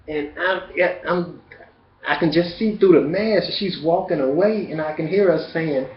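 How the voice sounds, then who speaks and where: A man telling a profane, animated stand-up story that builds to loud outbursts. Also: on the high side, normal speed. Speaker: stand-up comedian. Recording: roomy, dull sound with faint ambience.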